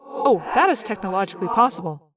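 A formal, earnest alien male speaks softly and precisely, as a woman reader puts him on. He sounds courteous and a little distant. A murmur of people sits behind the voice. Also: mid-range voice, very animated, fast, crowd noise, lightly acted.

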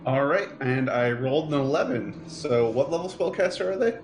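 A man's voice: medium pitch, expressive, normal speed, soft background music. Joking man in an echoey room. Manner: playful, joking. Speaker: player. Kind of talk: tabletop game play.

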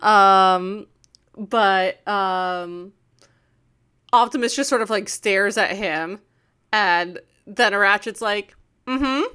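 Bright-voiced woman jumping into a recap. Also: mid-range voice, drawn-out words, clean tone. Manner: eager, interjecting, corrects details. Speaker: podcast co-host. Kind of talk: casual recap chat.

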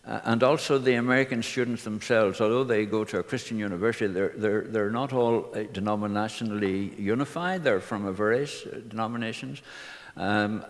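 An older man, a minister earnestly telling personal stories to his congregation. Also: on the low side. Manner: earnest anecdotal storytelling. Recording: reverberant hall.

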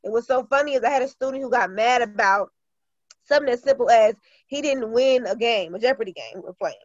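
A woman's voice: on the high side, fast, no room sound, dull audio. A woman teacher and author talking earnestly in an interview, with many fillers and restarts. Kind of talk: casual interview talk.

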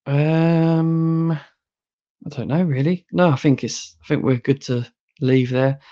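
A man's voice: a little high, steady tone, slow pace, warm tone, highs cut off. A tired man co-hosting a podcast, laid-back and teasing in casual chat. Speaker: podcast co-host.

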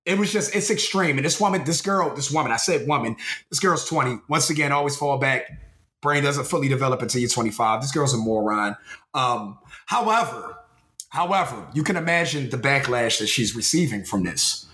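Bright-voiced profane man in an echoey room. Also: medium pitch, fairly quick. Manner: profane, animated, repeats words. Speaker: podcast co-host. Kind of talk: casual chat.

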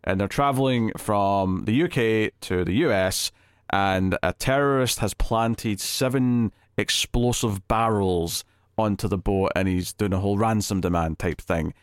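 A man hosting a casual movie podcast, chatty and animated, often laughing. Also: lowish voice, measured pace, clear, resonant tone, dry recording, clean studio sound. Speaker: podcast host.

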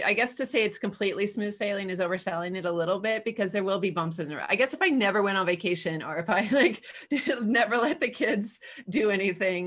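A woman in her thirties or forties talks candidly as a guest, leaning on fillers in an easy conversational flow. Her voice sits at an ordinary middle pitch for a woman. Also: a bit bright. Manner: candid and chatty, frequent "like" fillers. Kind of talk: casual conversation.

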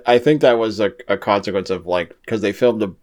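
A man co-hosting a casual podcast, adding wry, deadpan commentary about a film and its cast. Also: fairly low pitch, fairly quick. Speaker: podcast co-host. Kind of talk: casual chat.

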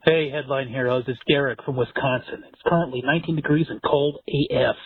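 A man voicing an upbeat caller reporting the weather, loud and brisk, on a tinny phone voicemail. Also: mid-range voice, fairly even intonation, a crowd in the background, pitched above the performer's own voice, natural voice.

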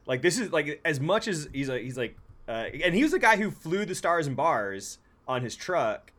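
A man's voice: on the high side, sing-song, normal speed, a bit bright. A man from the San Francisco area, co-hosting a casual chat show, rambling with lots of fillers, frequent swearing and laughter. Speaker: podcast co-host.

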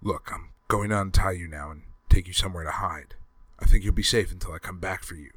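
A man's voice: low voice, a little fast, a bit bright, slightly rough, no room sound. A man voicing a tough soldier who speaks firmly and reassuringly in an audiobook reading. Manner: firm and reassuring. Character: tough male soldier, calm and protective. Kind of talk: audiobook character voice.

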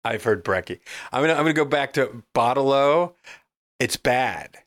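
A man's voice: medium pitch, expressive, normal speed, a bit bright, no echo, studio quality. A man co-hosting a podcast, chatting casually with sardonic, swearing reactions. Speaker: podcast co-host. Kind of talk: casual chat.

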